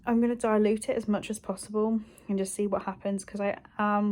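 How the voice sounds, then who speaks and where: A young woman chatting casually for a reading vlog at home, candid and rambling, with quick asides. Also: mid-range voice, level tone, vocal fry, darkish tone. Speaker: book vlogger. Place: at home, partly from bed.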